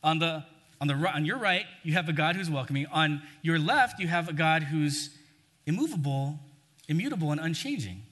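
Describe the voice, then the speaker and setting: Conversational male preacher with a bright voice. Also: fairly high pitch, expressive, normal speed, long reverb tail. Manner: conversational, acts out scripture quotes. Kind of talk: sermon.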